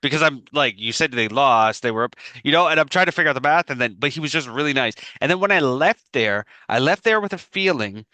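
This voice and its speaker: A man with a bright, forceful voice chats on a podcast, rambling through an anecdote and breaking into laughter. He sounds close and dry over his video-call mic, with no room sound around him. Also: on the high side, animated, dry recording. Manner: rambling storytelling, quick to laugh. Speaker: podcast co-host. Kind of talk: casual podcast chat.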